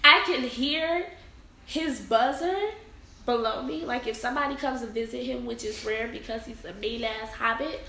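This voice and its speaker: A woman from the Chicago area telling an animated, profane story in a casual group chat and laughing often. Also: fairly high pitch, moderate pace. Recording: roomy echo, faint room noise.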